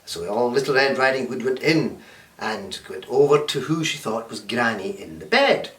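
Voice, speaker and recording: A man's voice: medium pitch, normal speed. A man teaching a storytelling workshop, often checking in with the class. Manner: animated, checks in with "okay?". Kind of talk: storytelling lesson. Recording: roomy, distant mic.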